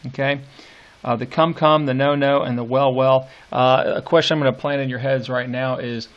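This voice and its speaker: A middle-aged man teaching literature, reading poetry aloud slowly and annotating it, with hesitant fillers. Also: medium pitch, fairly even intonation, highs cut off. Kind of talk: lecture with poem reading.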